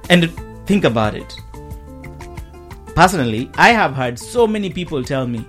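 Brief: African male host, slightly high voice, measured and thoughtful, faint music underneath. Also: very animated, a bit bright. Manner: measured, reflective, uses quoted voices. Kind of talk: conversational discussion.

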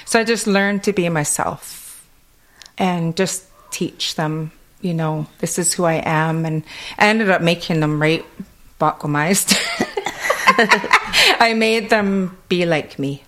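A woman's voice: fairly low pitch, very animated, slow, a bit bright. Chatty woman with a Kwakwala-tinged accent. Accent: Kwakwala-influenced English. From Alert Bay, Canada. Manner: chatty, laughs often, many fillers. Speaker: interviewee. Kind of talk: casual storytelling.

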